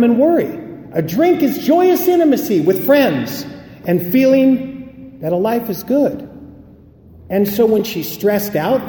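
A man's voice: very high-pitched, warm tone. A man giving an emphatic recovery talk, telling stories and acting out the dialogue. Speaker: recovery speaker. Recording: echoey hall recording.

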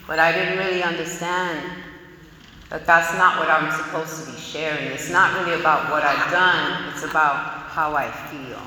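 Woman sharing her recovery story, super frank and chatty, really bright sharp voice, big echoey hall. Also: low-pitched, steady tone, normal speed, distant mic. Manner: frank, conversational, many "you know" fillers. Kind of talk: personal testimony talk. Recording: echoey hall with long reverb.

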